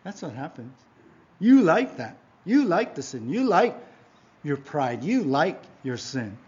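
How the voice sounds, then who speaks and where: Pastor, male, fairly high voice; emphatic sermon delivery with loud peaks and hushed asides; muffled lo-fi recording. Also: sing-song, measured pace, breathy edge. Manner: emphatic preaching, frequent rhetorical "right?" and "yeah?"; swings between loud exhortation and quiet low asides. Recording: dull lo-fi recording.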